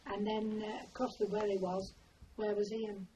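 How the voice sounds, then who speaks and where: An older woman telling her memories in an oral history interview, with an unhurried, meandering way of telling a story. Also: medium pitch, little pitch movement, mellow. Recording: distant mic, faint background noise.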